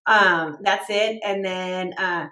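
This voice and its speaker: A woman's voice: lowish voice, steady tone, slow pace, pushed and bright, reverberant, distant mic. A woman co-hosting a podcast, telling stories in a casual chat and quoting people, with many fillers. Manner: chatty storyteller, many fillers and quoted dialogue. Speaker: podcast co-host.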